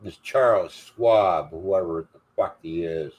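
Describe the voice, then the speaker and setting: An older man with a low-pitched voice rants on a livestream. He swears constantly and sounds defiant and furious, hammering every point home. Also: slow pace. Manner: angry, profane, defiant. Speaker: livestream host. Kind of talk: angry profane rant.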